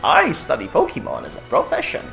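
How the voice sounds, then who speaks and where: A streamer voicing a kindly elderly male Pokemon professor in a hammy, booming game-read impression. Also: wildly swooping pitch, a little fast, gravelly, a bit bright, faint music behind, heavily acted.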